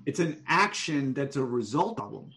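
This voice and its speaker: A man giving one-on-one manuscript feedback over an online call, explaining deliberately and thinking aloud. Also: mid-range voice, big pitch swings, bright, forceful tone, a little hiss or hum. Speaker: writing coach.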